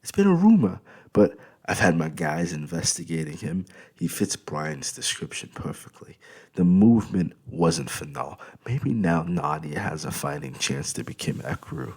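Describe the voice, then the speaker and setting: A man's voice: low voice, very animated, normal speed, a little mellow, breathy edge, exaggerated voice. A man voicing a cheerful, tall middle-aged uncle who talks in an upbeat, eager way. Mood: excited.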